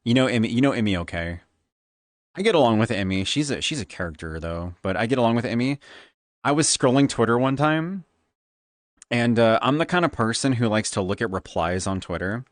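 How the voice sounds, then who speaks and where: A man's voice: mid-range voice, fairly quick, dry recording. Flamboyant tipsy streamer guy. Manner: flamboyant, animated; Valley Girl lilt. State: tipsy from drinking. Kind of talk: casual stream chat.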